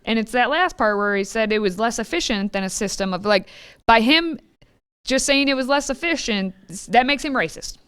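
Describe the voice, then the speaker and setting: A woman co-host with a smooth, clear voice that swings widely in pitch. She is sarcastic and wry, explaining the news in a casual chatty way. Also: lively intonation, normal speed, a bit bright. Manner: wry, sarcastic, reads quotes aloud. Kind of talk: casual political commentary chat.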